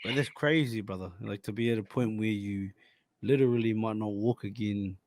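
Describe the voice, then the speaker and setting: A man's voice: lowish voice, moderate pace, dry recording. A man hosting a podcast, chatting casually and calling his guest "brother". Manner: casual, warm slang like "brother". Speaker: podcast host. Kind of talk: casual interview chat.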